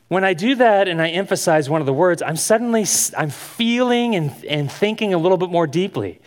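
A man delivers an instructional sermon in an earnest, questioning way, drawing his listeners in. His voice sits slightly high for a man, and a long reverb trails each phrase as if he were in a large hall. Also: animated, brisk, hardly any pauses. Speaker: Bible teacher.

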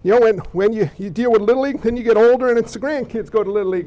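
A high-voiced man with a gravelly edge, preaching with lively energy and frequent restarts. The recording is muffled and lo-fi. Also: fast, hardly any pauses. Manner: animated, repeats words, acts out quoted people. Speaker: pastor. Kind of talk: sermon. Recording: dull lo-fi recording.

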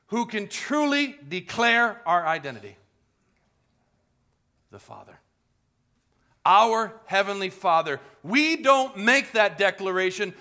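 Male pastor, middle-aged, bright tense voice, storytelling sermon with big swings from soft to loud. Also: high voice. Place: church sanctuary.

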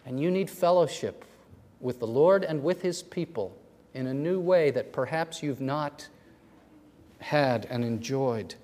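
A man preaching a sermon in a church, moving between loud, fervent passages and hushed near-whispers. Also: mid-range voice, lively intonation, measured pace. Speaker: pastor. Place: church sanctuary. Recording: long hall reverb.

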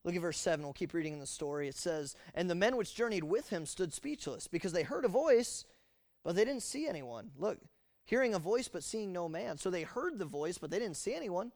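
A man with a high voice preaches a sermon, animated and emphatic. He acts out the scripture lines he quotes. The sound is dry and close, with almost no room echo. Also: brisk.

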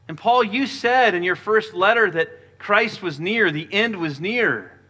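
A man preaching a sermon as pastor, earnest, with quieter stretches when he reads scripture. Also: high voice, lively intonation, a little slow, hardly any pauses.

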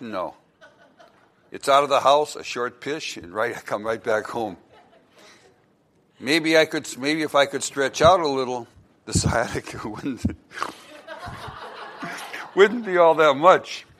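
A man's voice: on the high side, fairly bright tone. A man doing a kvetching old talking dog. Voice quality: kvetching, Yiddish-flavored complaining.

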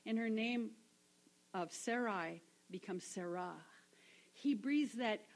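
A woman teaching a Bible lesson, animated and acting out the quoted voices as she reads. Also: on the high side, slow pace, low-quality recording. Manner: animated, acts out quoted voices with laughs and whispers.

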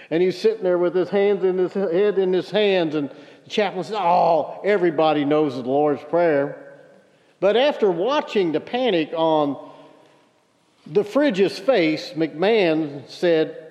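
Male pastor, high voice, storytelling sermon; dull recording with long hall reverb. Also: a little slow, darkish tone. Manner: storytelling, emphatic preaching.

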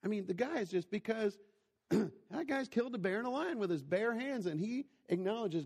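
A man's voice: sits high, animated, moderate pace, creaky, darkish tone. A man in his forties giving a conversational sermon, telling stories and asking the listeners questions. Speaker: preacher. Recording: long hall reverb.

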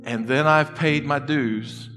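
A man preaching a sermon as a pastor, talking conversationally and earnestly, moving between soft, confiding stretches and loud, emphatic bursts. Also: medium pitch, slow pace. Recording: long reverb in a hall with music underneath.

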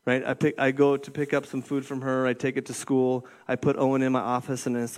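A man's voice: mid-range voice, completely flat delivery, a little fast, hardly any pauses. A middle-aged man giving a conversational sermon as a youth ministry director, often checking in with his listeners. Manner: conversational, keeps checking in with "right?". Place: church room with an audience.

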